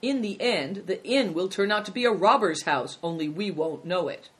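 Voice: medium pitch, moderate pace, fairly bright tone, close to an everyday voice. A narrator doing an earnest, formal companion.

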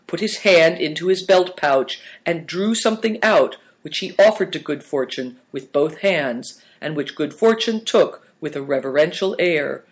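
A man reading a story aloud as narrator in a steady, measured way. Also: a little high. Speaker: audiobook narrator.

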